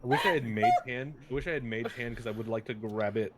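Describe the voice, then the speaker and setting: A man's voice: medium pitch, fast, very noisy. Hesitant man playing a tabletop game. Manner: hesitant, restarting, chuckling. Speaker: player. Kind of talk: casual tabletop play.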